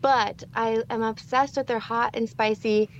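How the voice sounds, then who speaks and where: A woman in her thirties co-hosts a podcast in lively, casual chat. She acts out her own reactions as she talks. Her voice sits a bit high, and the recording sounds dull and lo-fi. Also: a little slow, slight background noise. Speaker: podcast co-host.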